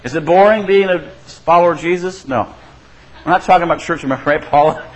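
In a rough recording, a pastor preaches at a fairly quick clip. His sermon feels like a conversation, punctuated by "right?" to the congregation, and he voices quotations by varying how high and loud he speaks.

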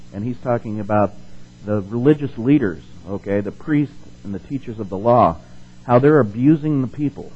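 A man's voice: mid-range voice, lo-fi sound. A man preaching a sermon as pastor, reading scripture aloud with rising force and putting questions to his congregation.

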